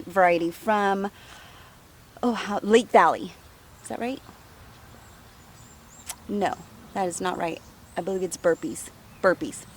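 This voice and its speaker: A woman giving a casual, enthusiastic tour of her farm garden outdoors, talking warmly and laughing often. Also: fairly high pitch. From United States.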